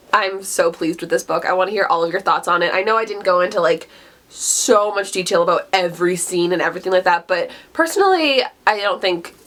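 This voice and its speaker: A woman's voice: fairly low pitch, fairly bright tone. A woman in a casual book talk vlog, gushing with enthusiasm, laughing often and filling her talk with "like". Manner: gushing, enthusiastic, frequent "like" fillers; laughs often mid-sentence. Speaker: book reviewer.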